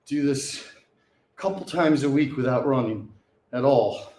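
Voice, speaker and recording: A man's voice: medium pitch, measured pace, darkish tone, roomy sound. A man talking to the camera during a gym workout, casual and profane, hyping himself up between sets and now and then short of breath. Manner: profane, hyped self-talk between sets. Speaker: fitness vlogger. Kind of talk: casual workout vlog talk.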